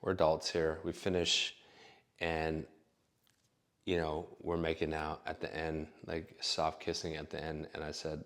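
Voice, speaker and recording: A man's voice: very deep voice, completely flat delivery, unhurried, a bit bright. A man telling candid stories about his own dating life, blunt and profane, rambling with many restarts. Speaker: vlogger. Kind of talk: candid personal storytelling.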